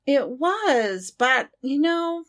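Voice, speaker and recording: A woman's voice: high voice, very animated, extremely slow. A woman co-hosting a casual podcast, talking in a reassuring way and often repeating herself for emphasis. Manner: warm and reassuring, emphatic repetition. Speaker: podcast co-host.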